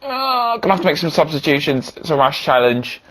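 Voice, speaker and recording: Excitable man with a lively voice. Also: a little high, brisk. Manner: excitable, yells at goals. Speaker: gaming YouTuber. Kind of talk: video game commentary.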